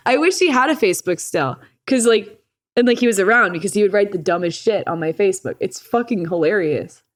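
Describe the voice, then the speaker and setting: Young woman, podcast guest, casual storytelling, swears a lot, frequent laughter, lively quoting. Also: mid-range voice, a little fast, no echo, clean studio sound. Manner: swears freely, laughs often, quotes others vividly.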